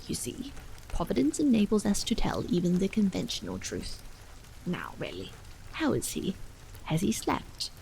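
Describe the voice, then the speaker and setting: A woman voicing an elderly, earnest male vicar in a soft, fussy whispered role-play. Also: on the high side, creaky, a little hiss or hum, full character voice, rough recording.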